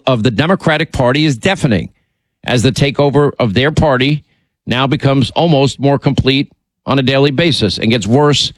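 Delivering monologue commentary on his political talk show, a man is combative and sarcastic, often restarting and going off on asides. The recording carries no room sound, and his pitch is medium.

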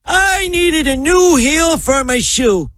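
A man's voice: very high-pitched, animated, fairly bright tone, no echo, clean studio sound, heavily acted. A man voicing a rambling elderly cartoon grandpa in a clip played on a radio show. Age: over 60. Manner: rambling, slow storytelling.

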